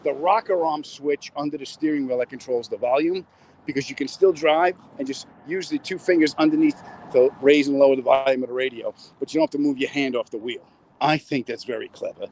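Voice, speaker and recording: Phone in hand on the city streets, a middle-aged comedian live-streams casual chat, wisecracking and reading aloud what viewers write. He speaks briskly in a mid-range, slightly mellow voice, on a low-quality recording with a bit of hiss or hum.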